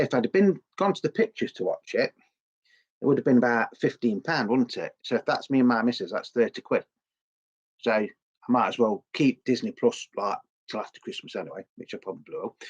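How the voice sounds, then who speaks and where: A middle-aged man talks casually and enthusiastically, often doubling back and filling pauses. His pitch sits in a mid range. The recording is slightly dull and lo-fi. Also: a little mellow, breathy edge. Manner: rambling and enthusiastic, many fillers and restarts. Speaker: video blogger. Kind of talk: casual unscripted review.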